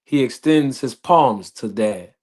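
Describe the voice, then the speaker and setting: A man telling a story slowly and deliberately, repeating phrases as he builds it up. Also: medium pitch, expressive, darkish tone. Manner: slow, deliberate, repetitive storytelling with laughs. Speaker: podcast host. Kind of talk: slow storytelling.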